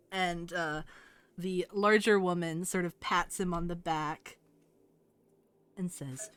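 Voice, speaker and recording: A woman narrating a tabletop game as game master, descriptive and relaxed. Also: fairly low pitch, slow pace, long pauses, clean tone.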